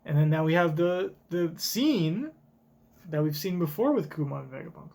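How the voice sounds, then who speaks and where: A man's voice: on the high side, lively intonation, normal speed, vocal fry, darkish tone. A man streaming a live comic reaction, tossing out casual, chatty asides.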